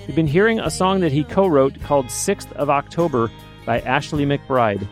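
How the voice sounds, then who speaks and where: A man's voice: fairly high pitch, normal speed, faint music behind. A man hosting an interview podcast from a radio studio, upbeat and full of enthusiastic reactions. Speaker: podcast host.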